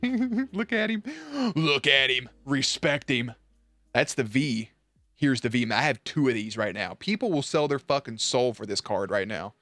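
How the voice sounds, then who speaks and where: A man chatting casually on a live stream, animated and profane, with sudden jumps up in pitch. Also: no echo.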